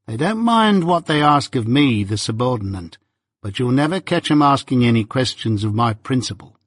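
A man voicing a brisk, dry male law clerk with a wry, clipped manner, read as an audiobook. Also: mid-range voice, lively intonation, no room sound, lightly acted.

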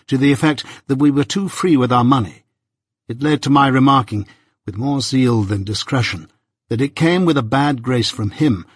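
Husky male narrator for a first-person classic audiobook, expressive, dry close-mic sound. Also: mid-range voice, dry recording.

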